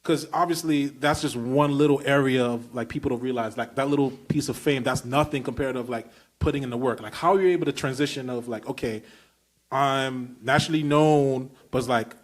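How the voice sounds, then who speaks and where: This man talks a little fast in a mid-range voice, hosting a casual podcast with a Brooklyn accent. Emphatic and enthusiastic, he piles run-on questions on top of each other.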